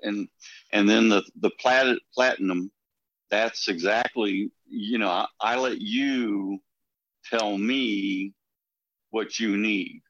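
A man co-hosting a podcast, talking in a slow, measured and hesitant way. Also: fairly low pitch, a bit bright, no echo, dull audio. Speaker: podcast co-host. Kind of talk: reflective podcast conversation.

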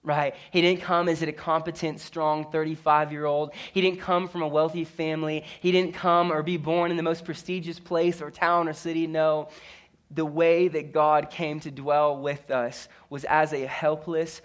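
Guy preaching, kinda high voice, earnest, keeps restarting and repeating himself. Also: level tone, moderate pace. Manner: earnest storytelling with stammered restarts and repetition. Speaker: pastor. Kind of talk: sermon.

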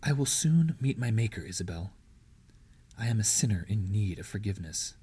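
A frail old lady of rank, over 60 and ill, as a man reads her lines. She speaks in a formal, gentle way in a storybook reading. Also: fairly low pitch, animated, moderate pace, husky. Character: sickly elderly noblewoman, gentle and grave.

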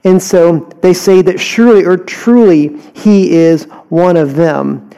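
Mellow-voiced Texan Bible teacher. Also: male voice, high-pitched, slow, clear, resonant tone, low-quality recording. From Houston, Texas. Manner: conversational, asks listeners rhetorical questions.

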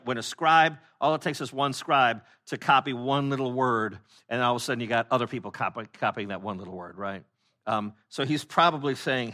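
A pastor preaching a conversational sermon, with many fillers and restarts, who acts out the people he quotes in lively voices. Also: medium pitch.

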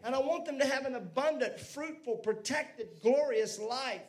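A man preaching a sermon as pastor, lively, with asides to the congregation. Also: extremely high pitch, normal speed.

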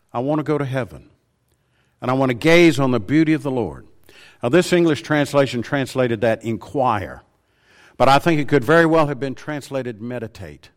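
A man preaching a sermon, slowing down and lifting his voice to stress key phrases. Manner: rises in pitch and volume for emphasis, slows on key words.

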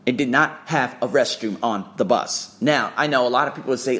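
A man's voice: lowish voice, fairly quick, few pauses. A young man hosting a casual solo podcast, telling travel stories with lots of swearing and acted-out quotes. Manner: animated, profane storytelling with acted-out quotes. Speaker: podcast host.

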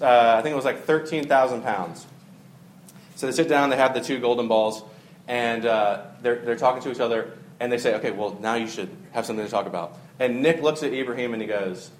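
A man's voice: medium pitch, steady tone, fairly quick, roomy sound, a little hiss or hum. Casual storytelling preacher, a man. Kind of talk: sermon.

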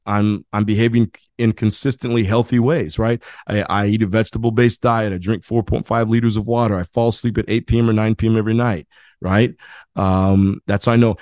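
A man's voice: fairly low pitch, a little mellow, dry recording, clean studio sound. A man hosting a leadership podcast alone, talking earnestly and conversationally, often checking in with "right?" and restarting his sentences. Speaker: podcast host. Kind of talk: solo podcast monologue.

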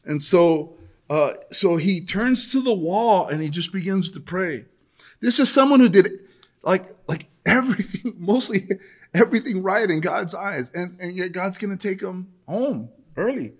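A male preacher with a somewhat high voice gives a sermon. He talks in a relaxed, conversational way, then reads scripture aloud with growing intensity. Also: a little slow.

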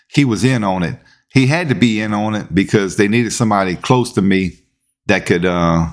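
Deep-voiced man telling a story. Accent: Southern US. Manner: animated, acts out quoted dialogue. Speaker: podcast host and police officer. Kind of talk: casual storytelling.

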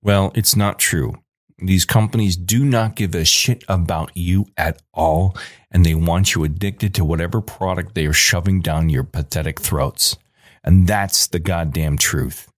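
This is a ranting monologue from a podcast host, a man in his forties with a deep voice. Furious and forceful, he keeps repeating himself to press each point. The sound is close and dry, with no echo at all.

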